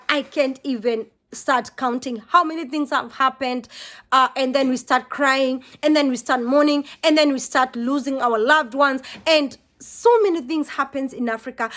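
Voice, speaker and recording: A woman's voice: sits high, a bit bright. A woman from Kenya talking straight to her viewers in a vlog, impassioned and preachy, often repeating her words. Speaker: vlogger. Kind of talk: earnest vlog monologue.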